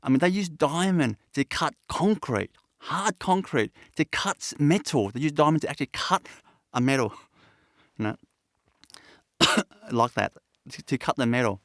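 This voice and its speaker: A man giving a satsang talk as a spiritual teacher, speaking in a halting, reflective and earnest way with many pauses and restarts. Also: on the high side, animated, fairly bright tone, dry recording, studio quality.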